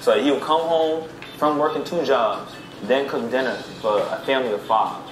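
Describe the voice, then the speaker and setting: A man's voice: mid-range voice, moderate pace. A man from the New York area speaking bluntly and matter-of-factly in an interview clip. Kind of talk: interview talk. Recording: echoey with background noise.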